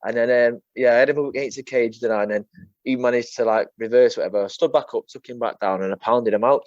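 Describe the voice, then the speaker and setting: A man's voice: medium pitch, quick pace, a little mellow, no room sound. A young man, an MMA fighter as a guest, chatting casually and rambling through stories while he swears and keeps saying "mate". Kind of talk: casual chat. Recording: dull lo-fi sound.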